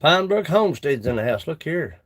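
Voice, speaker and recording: A man's voice: a little high, very animated, normal speed, a bit bright. A man talking casually on a live stream from his woodshop, rambling and chatting with viewers between tasks. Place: woodworking shop.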